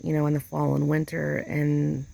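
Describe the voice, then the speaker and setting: Rambling, emotional woman with a gravelly voice. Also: sits low, completely flat delivery, normal speed, mellow, no room sound. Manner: rambling, emotional, searching for words. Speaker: vlogger. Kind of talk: casual outdoor vlog. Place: outdoors in a yard chair.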